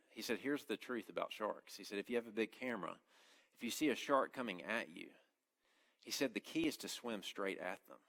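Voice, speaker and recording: A man's voice: on the low side, fairly bright tone. A man preaching an earnest, conversational sermon, often restarting his phrases as he speaks. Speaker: campus minister preaching.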